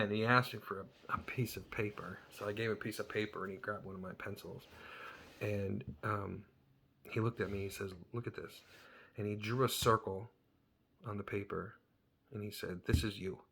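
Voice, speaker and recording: Gravelly low-voiced man telling his story. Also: pushed and bright. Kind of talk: personal storytelling to camera.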